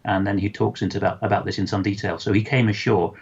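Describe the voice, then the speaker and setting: A man giving an interview, speaking articulately in measured sentences with many fillers. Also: on the low side, fairly even intonation, creaky, slightly rough, highs cut off. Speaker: interview guest. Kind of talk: conversational interview.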